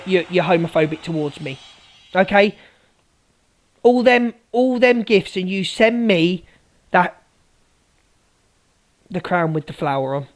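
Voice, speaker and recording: A woman ranting angrily at viewers on a live stream, swearing and repeating herself. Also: on the low side.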